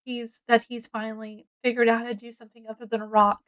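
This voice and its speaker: A woman's voice: on the high side, quick pace, rough recording. A woman casually reviewing a book, retelling its plot in a rambling way with many ums and self-corrections. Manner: acts out characters' lines with excitement.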